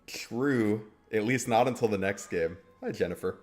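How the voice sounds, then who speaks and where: A man's voice: lowish voice, moderate pace, darkish tone. A young man chatting casually while streaming a game, rambling and trailing off with fillers.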